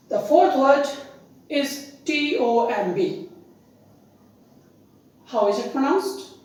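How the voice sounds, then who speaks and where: A woman teaching pronunciation, spelling out words letter by letter in a slow, deliberate way. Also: sits high, lively intonation, darkish tone, distant mic. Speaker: English teacher. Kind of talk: pronunciation lesson. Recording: very echoey room, voice off-mic.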